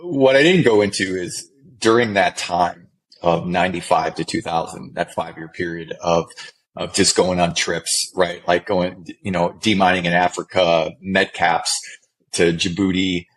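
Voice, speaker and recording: A man's voice: low-pitched, steady tone, unhurried, slight background noise, rough recording. A middle-aged man, a former special forces medic, telling stories as an interview guest in a casual, rambling way with many restarts and some swearing.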